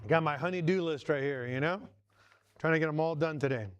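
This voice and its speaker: A man's voice: a little high, fairly quick, smooth, dry recording. A man hosting a casual workshop vlog from his home garage shop, talking viewers through each step as he works. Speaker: host.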